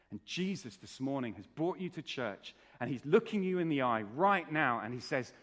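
A man preaching a sermon in church, earnest, moving between hushed, quiet lines and raised, emphatic ones. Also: medium pitch, lively intonation, normal speed, hardly any pauses. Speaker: pastor. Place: church hall. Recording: reverberant church hall.

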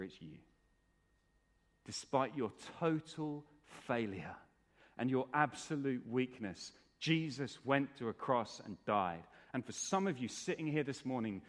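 A man preaching a sermon in church, earnest, moving between hushed, quiet lines and raised, emphatic ones. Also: fairly high pitch. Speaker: pastor. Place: church hall. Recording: reverberant church hall.

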